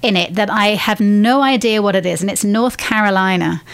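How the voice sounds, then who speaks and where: A woman's voice: mid-range voice, moderate pace, gravelly, clean tone. A woman hosting a radio program, talking eagerly and curiously with her guest about learning an accent. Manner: enthusiastic, warmly curious interviewer. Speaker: radio show host. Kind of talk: radio interview and accent lesson.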